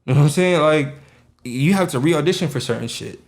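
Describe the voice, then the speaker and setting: A young man from New York talks with a New York accent, lively and swinging all over his pitch, a little on the high side. He laughs easily and swears freely in loose podcast banter with friends. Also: brisk. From Jamaica, Queens, New York. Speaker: podcast co-host. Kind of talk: casual chat.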